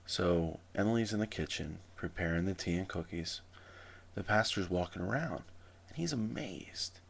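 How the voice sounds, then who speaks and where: Dry-humored man with a deep gravelly voice. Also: normal speed. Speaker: vlogger telling jokes. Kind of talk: casual joke telling to camera. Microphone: camera mic.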